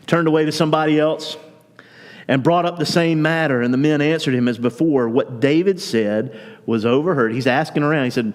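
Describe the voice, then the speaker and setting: A man preaching a sermon as pastor, retelling a story in a relaxed, conversational way and acting out the quotes. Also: mid-range voice, fairly quick, long reverb tail. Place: church.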